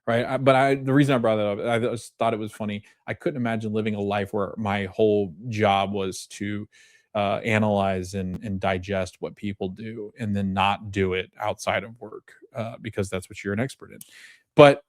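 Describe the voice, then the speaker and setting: A man's voice: fairly low pitch, level tone, normal speed, a little mellow, no echo, clean studio sound. A man in his thirties hosting a podcast, recapping a TV episode in a chatty way, quoting scenes and laughing often. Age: 30s. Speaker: podcast host.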